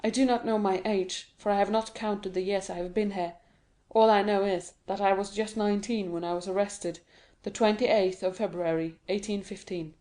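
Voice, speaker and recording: A woman voicing a desperate young male prisoner who pleads earnestly, in a dark, mellow tone. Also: mid-range voice, fairly even intonation, moderate pace, few pauses, lightly acted. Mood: pleading. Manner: earnest, imploring.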